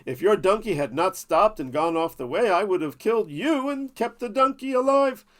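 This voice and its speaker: A man voicing a stern male angel with a sword who delivers sharp warnings. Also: sits high, animated, moderate pace, voice pushed up.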